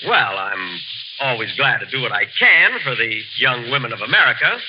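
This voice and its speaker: A man's voice: mid-range voice, big pitch swings, normal speed, slight background noise. A man hosting a 1940s radio comedy, vain and indignant, hesitating with uh's. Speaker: comedian host. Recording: dull old radio broadcast.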